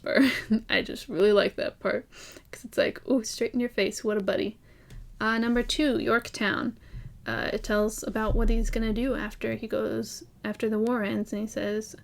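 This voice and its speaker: Young woman, from ireland, fairly high voice, chatty, enthusiastic, casual vlog review. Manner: enthusiastic, chatty, laughs often. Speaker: vlogger. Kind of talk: casual fan review chat.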